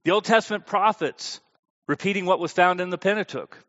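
A man's voice: high-pitched, brisk, a bit bright, dull audio. A man preaching a sermon in an emphatic, conversational way, putting questions to his listeners. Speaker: preacher teaching a Bible class.

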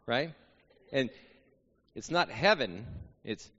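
A man's voice: mid-range voice, expressive, moderate pace, fairly bright tone. A man from New Mexico speaks to a congregation as a guest preacher. He is joking and self-deprecating. His voice carries a long reverb from a large church hall, and the sound is somewhat muffled. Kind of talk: sermon opening. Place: church sanctuary.

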